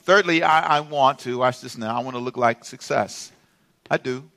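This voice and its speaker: A man's voice: medium pitch, normal speed, vocal fry, bright, forceful tone. A middle-aged male pastor preaching a sermon in a humorous, playful way, drawing responses from the congregation.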